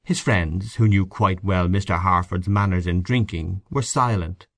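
A man narrating literary fiction for an audiobook in a measured, expressive manner. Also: low-pitched, dry recording, studio quality.

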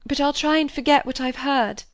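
A timid young woman in a storybook reading, pitched well above the reader's own voice and close to tears. She speaks softly and pleads with the people around her, voiced by a woman narrator. The recording is dry and close. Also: normal speed, dry recording. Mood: tearful. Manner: pleading, soft-spoken.

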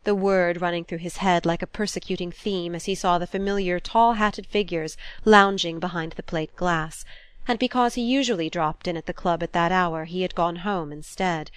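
A woman narrating a classic novel in an even, measured reading. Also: on the low side, clear, resonant tone, dry recording. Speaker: audiobook narrator.

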